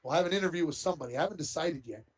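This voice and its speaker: A man's voice: a little high, very fast, husky. A man giving live play-by-play commentary on a basketball game, folksy and chatty between plays, on dull lo-fi broadcast audio. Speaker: play-by-play announcer.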